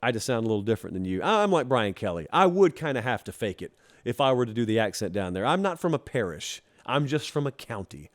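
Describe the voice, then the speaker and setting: A man's voice: mid-range voice, fast. Man hosting a football talk monologue. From Georgia. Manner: animated, teasing, talks straight to the fans. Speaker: college football show host. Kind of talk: casual opinion monologue.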